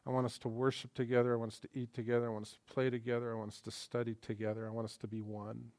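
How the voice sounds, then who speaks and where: A man preaching a sermon in church in a conversational, joking way, swinging between quiet asides and emphatic lines. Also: medium pitch, little pitch movement, very fast, clear, resonant tone. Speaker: pastor.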